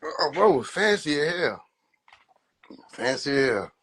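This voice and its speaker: A young man hosting a casual livestream, riffing in a rambling, profane, joking way with a husky voice into a phone mic. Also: on the high side, very animated, measured pace, a bit bright, slight background noise. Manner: rambling, profane, laughing banter. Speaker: livestream host.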